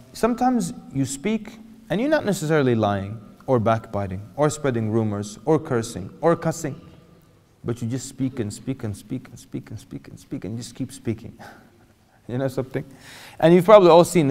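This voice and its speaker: A man preaching an animated lecture to an audience, asking them questions and acting out quotes. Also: medium pitch. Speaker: Islamic preacher. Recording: hall reverb.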